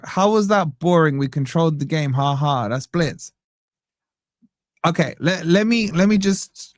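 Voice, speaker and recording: A young man in a slightly higher register, hosting a casual live match reaction stream. He rambles, jokes and keeps cutting himself off mid-thought. The sound is dry and close to the mic. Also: dry recording. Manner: rambling, self-interrupting, jokey. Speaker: fan channel host.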